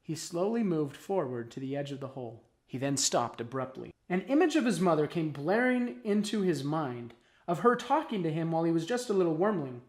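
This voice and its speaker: A male storyteller reads a children's tale with lots of expression. His pitch swings widely through each sentence. He leans into dramatic pauses. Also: very animated, a little mellow. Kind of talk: storybook narration.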